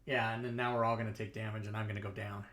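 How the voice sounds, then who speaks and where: A man with a fairly low, flat voice talks very fast in a fairly bright tone while running a tabletop game from his home streaming setup. As dungeon master and streamer, he's loose and self-mocking, swears often, and keeps leaning away from his desk microphone.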